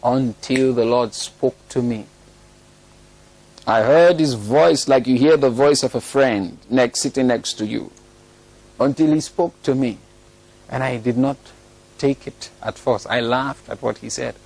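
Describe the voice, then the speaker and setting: A man's voice: mid-range voice, a little slow, gravelly, a little mellow. A man preaching a sermon, telling a story and breaking into laughter at it now and then. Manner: storytelling, laughs often at his own story.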